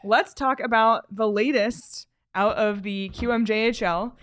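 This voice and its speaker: A woman's voice: a little high, a little slow, fairly bright tone. A young woman hosting a sports podcast in an upbeat, easygoing way, welcoming listeners and introducing topics. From United States. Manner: upbeat, easygoing, reading notes aloud. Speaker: podcast host.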